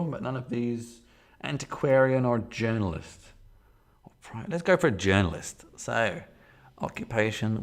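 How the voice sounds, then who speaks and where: A man reading aloud and casually commenting on a solo tabletop horror game at his desk. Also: fairly low pitch. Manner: casual, self-correcting asides. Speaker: solo game player and narrator. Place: home desk with camera.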